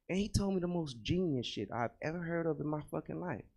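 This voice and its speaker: A man doing a crude stand-up comedy set in a comedy club, talking straight to the crowd and swinging between loud bursts and low muttered asides. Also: expressive, quick pace, vocal fry. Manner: crude, conversational, talks to the crowd.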